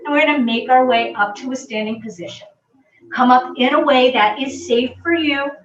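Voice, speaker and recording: Woman fitness instructor calmly cueing stretches. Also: high voice, normal speed. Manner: calm, reassuring cues. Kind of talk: guided exercise instruction. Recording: roomy, distant, dull audio.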